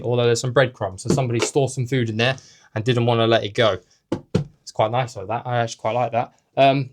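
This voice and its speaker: A young man giving a casual, joking tour of a small hotel room, filmed on a handheld camera. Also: medium pitch. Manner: chatty and joking, with offhand asides. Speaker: travel vlogger and host.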